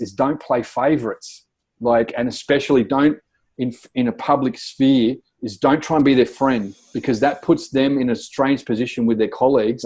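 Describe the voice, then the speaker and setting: A man's voice: medium pitch, dark tone, slightly rough. A man co-hosting a podcast, chatting casually and often restarting his sentences with repeated words. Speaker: podcast co-host. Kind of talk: casual chat.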